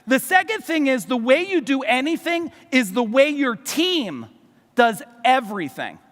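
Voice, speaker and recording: A man from New Jersey giving a loud, fast, profane motivational business seminar to a live audience in a large hall. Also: extremely high pitch, very animated. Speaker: business speaker. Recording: long reverb of a large hall.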